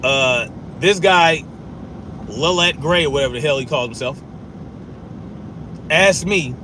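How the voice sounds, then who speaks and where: A man's voice: on the high side, measured pace, bright, forceful tone, a little hiss or hum. A man arguing back at chat comments during a casual live stream, profane and repeating himself for emphasis.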